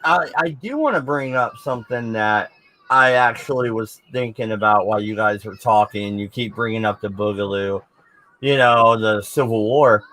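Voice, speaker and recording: A man co-hosting a podcast, telling a story in an unhurried way with fillers. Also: lowish voice, sharp tone, soft background music. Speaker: podcast co-host. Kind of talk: casual talk show banter.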